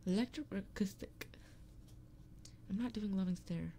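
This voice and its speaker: A woman's voice: mid-range voice, measured pace, warm tone, slight background noise. A woman livestreaming and chatting casually to her viewers, blunt and profane with playful grumbling. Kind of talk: casual stream chat. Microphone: streaming microphone.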